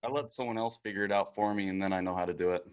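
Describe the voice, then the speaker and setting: A man who is a podcast guest and gives short, deadpan, teasing answers in casual chat. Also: fairly low pitch, very fast, a crowd in the background. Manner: laconic, dry deadpan teasing.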